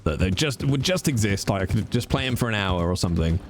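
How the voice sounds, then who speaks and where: A man's voice: fairly low pitch, lively intonation, fast talker. A man streaming, chatting casually in a rambling way and swearing freely. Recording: music playing behind.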